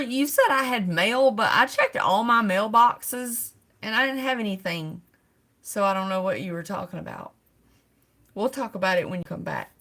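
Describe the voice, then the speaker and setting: A woman's voice: on the low side, a bit bright. A middle-aged woman hosting a casual livestream, greeting viewers by name and laughing often. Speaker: livestream host.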